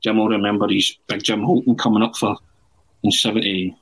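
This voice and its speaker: A man's voice: fairly low pitch, brisk, slightly rough, low-quality recording. A middle-aged Scottish man, a podcast guest, telling a long anecdote in casual chat and acting out what people said. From Scotland. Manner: animated anecdote-teller who acts out quotes with loud shouts.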